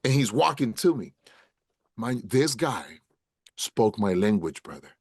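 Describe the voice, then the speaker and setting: A man's voice: fairly low pitch, a little slow, slightly rough, no room sound, studio quality. A middle-aged man telling a story in a casual podcast interview, acting out what people said and calling the host "bro" and "brother". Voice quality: street slang. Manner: animated storyteller, acts out quotes, says "bro" and "brother" often. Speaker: podcast guest, actor.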